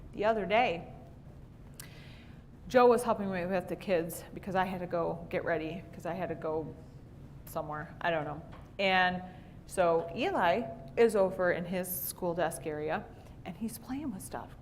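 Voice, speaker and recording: A woman teaching a women's Bible class in a church classroom, telling lively stories and acting out what people said. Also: fairly low pitch, a little hiss or hum. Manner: animated storyteller who acts out quotes. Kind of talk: storytelling church lesson.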